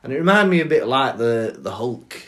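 A man co-hosting a podcast, chatting casually and playfully about a book chapter and slipping into quick impressions. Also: medium pitch, very animated. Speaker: podcast co-host.

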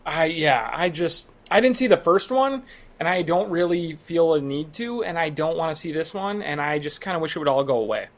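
A man's voice: fairly high pitch, expressive, normal speed. A man hosting a podcast in casual chat, bringing up topics and moving the talk along. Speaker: podcast host leading topics.

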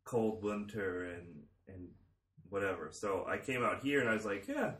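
A man's voice: on the low side, expressive, moderate pace, a bit bright, roomy sound, recorded from a distance. A man comedian from Chicago, telling self-deprecating stories in casual chat with frequent laughs. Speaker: comedian guest.

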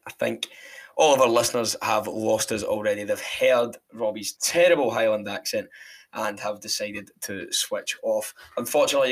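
A man with a Falkirk and Glasgow Scottish accent, hosting a casual podcast and telling stories against himself in a chatty way. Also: fairly low pitch. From Scotland. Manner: self-mocking, chatty storyteller. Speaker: podcast host.

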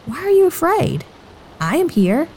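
A soft, reassuring grown man, calm and gentle as he speaks in a children's Bible story, voiced by a woman in her own mid-range voice. His lines stay quiet and unhurried. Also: medium pitch, slight background noise. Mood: soothing.

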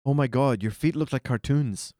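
A man's voice: medium pitch, moderate pace, very noisy. A man guesting on a comedy podcast, teasing and wisecracking. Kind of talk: casual comedic podcast banter.

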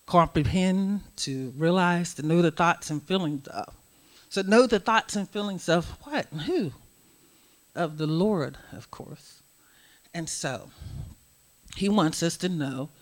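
A middle-aged woman giving a sermon as guest speaker, swinging from hushed asides to loud, emphatic preaching. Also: sits low.

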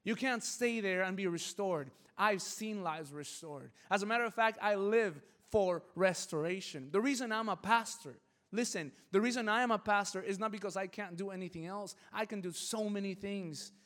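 A middle-aged man preaches with a high, light voice. He talks to the crowd like friends, keeps asking if they get it, and swings between quiet, slow lines and loud bursts. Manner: conversational, keeps asking if listeners follow. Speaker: pastor. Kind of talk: sermon.

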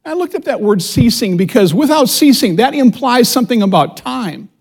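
A middle-aged man teaching a church Bible study as associate pastor, reading scripture slowly and preaching with calls to the congregation. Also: very high-pitched, husky. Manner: animated preaching with audience call-and-response; reads scripture slowly and deliberately. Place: church sanctuary before a congregation.

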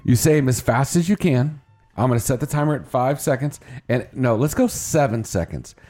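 A man's voice: mid-range voice, expressive, normal speed, warm tone, soft background music. A man hosting a morning radio show, talking in a rambling, playful way that keeps interrupting itself. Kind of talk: casual radio banter. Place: radio studio.

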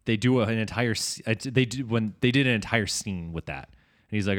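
A man's voice: lowish voice, a little fast. A man co-hosting a casual podcast chat, telling stories and acting out other people's lines in funny voices. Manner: animated storyteller, acts out quotes in funny voices. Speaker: podcast co-host.

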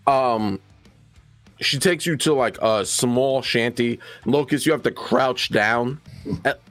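A man's voice: mid-range voice, takes it slowly, a bit bright. A man narrating as game master, loose and hesitant, with faint music behind.

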